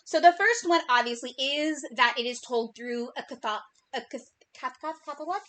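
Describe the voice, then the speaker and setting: Woman, podcast co-host, casual chat, high voice, chatty, stumbles on words. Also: moderate pace, fairly bright tone. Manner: bubbly, chatty, trips over words.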